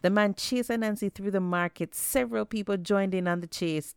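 A woman with a Jamaican accent narrating folktales in a lively, animated way. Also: medium pitch, moderate pace, few pauses, clear, resonant tone, no room sound, studio quality. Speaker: storyteller. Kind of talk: folktale storytelling.

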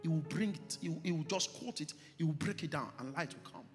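A middle-aged man, a pastor preaching a sermon in church, stressing phrases slowly and building to emphatic peaks. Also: a little high. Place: church hall. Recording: church hall reverb with music behind.

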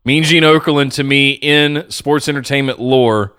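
Male co-host, smooth resonant voice, thoughtful delivery, dry close recording. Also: medium pitch, steady tone, normal speed, bright, forceful tone, no echo. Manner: reflective, searching for words. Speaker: podcast co-host. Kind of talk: casual wrestling chat.

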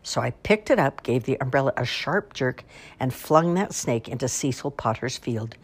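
A lively elderly great-aunt , put on by a woman reading aloud, tells a wild tall tale from a storybook. Her delivery is folksy and emphatic, sitting deep in pitch. A husky breath runs under it. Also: normal speed, full character voice. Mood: dramatic.

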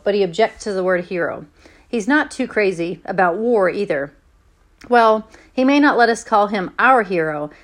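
A woman teacher reading a novel aloud to her class in a plain, conversational way. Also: medium pitch.

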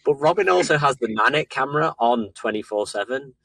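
A young man co-hosting a podcast, telling sweary, animated stories about parenting in casual chat. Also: medium pitch, brisk, vocal fry, no room sound. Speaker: podcast co-host.

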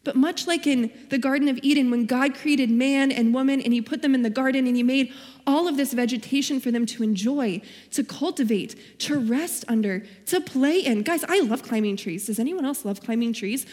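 A woman's voice: high-pitched, normal speed, darkish tone, in a large hall. A young woman giving a sermon as a guest speaker, telling her own story earnestly and quoting scripture. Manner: earnest, personal storytelling with Bible quotes.

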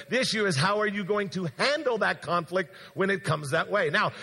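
A man preaching a sermon as pastor, telling an animated story with acted-out quotes before a congregation in a large church. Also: sits high, creaky. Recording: long church hall reverb.

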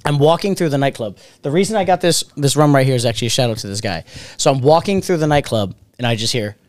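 Male podcast host, animated storyteller, expressive voice, dry close sound. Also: mid-range voice, fast talker, no room sound. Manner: animated, swears freely, acts out quotes. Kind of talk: casual storytelling chat.

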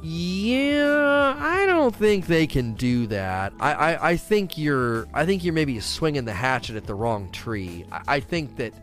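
A man on a casual gaming livestream rants animatedly, reading chat questions aloud and replying. His voice is mid-range and a little slow yet has hardly any pauses, and faint music sits behind it.

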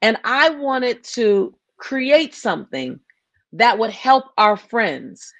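Slow and sing-song, this filmmaker's slightly high, slightly bright voice carries real passion as she answers interview questions. She keeps restarting and repeating phrases with earnest emphasis, on a dry recording free of room sound.

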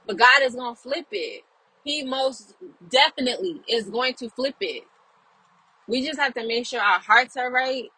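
A young woman speaks straight to her viewers about faith in an earnest, encouraging way, often repeating herself and tossing in "right?" and "okay?". Her voice is bright and a little husky, sitting slightly high, and the recording is dry and close. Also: animated, normal speed, no echo, poor audio. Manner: earnest, encouraging, repeats phrases with many tag questions. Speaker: Christian video creator. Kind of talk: casual faith talk to viewers.

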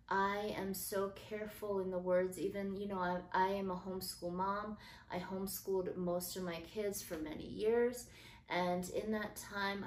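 A middle-aged woman hosting a podcast, talking earnestly and gently about parenting, with soft fillers and restarts. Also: medium pitch. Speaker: podcast host. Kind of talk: casual faith-based parenting talk. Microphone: built-in phone mic. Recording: roomy phone recording with faint noise.

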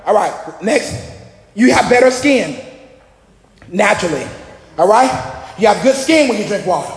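A man preaching a lively sermon to a congregation, energetic and joking, often shouting out to the room. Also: sits high, normal speed, a little hiss or hum. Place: church hall. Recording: echoey hall with long reverb.

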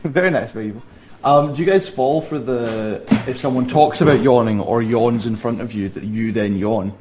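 A man's voice: medium pitch, moderate pace, background noise. A man with a Scottish accent co-hosting a casual gaming talk show, wry and teasing. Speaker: co-host. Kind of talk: casual chat.

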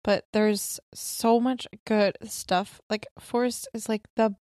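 Slow-talking young woman, casual and relaxed. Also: medium pitch, no room sound, clean studio sound. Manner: relaxed, full of filler words. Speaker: podcast co-host. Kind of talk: casual chat.

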